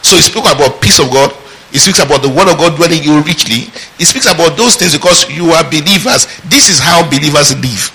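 A middle-aged man preaching a sermon in an animated, rhetorical and humorous way. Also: fairly high pitch, brisk, poor audio. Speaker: pastor.

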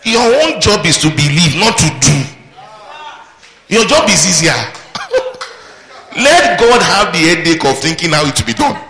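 Man preaching loud in a church, voice jumps all over, bright and echoey, keeps shouting the same lines. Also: high-pitched, very animated, measured pace, pauses often, a little hiss or hum. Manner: fervent, repetitive declarations, bursts of shouting. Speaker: pastor. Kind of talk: sermon with declarations. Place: church service.

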